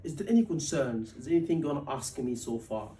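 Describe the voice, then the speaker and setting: A man teaching a surgery exam class, animated and asking his students questions often, acting out patient lines. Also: mid-range voice, fast talker. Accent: Liverpool. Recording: voice from a distance.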